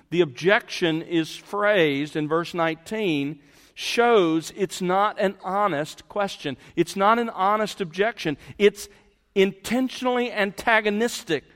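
Pastor, male, slightly high voice, slow deliberate sermon delivery, church hall reverb. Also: fairly bright tone. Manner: deliberate, emphatic preaching with rising confrontational questions. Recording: long reverb of a large hall.

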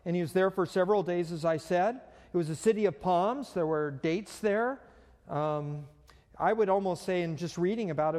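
A man with a fairly high, slightly mellow voice preaches a sermon as a pastor. His delivery is conversational, with frequent fillers and restarts, and the recording carries the long reverb of a hall.

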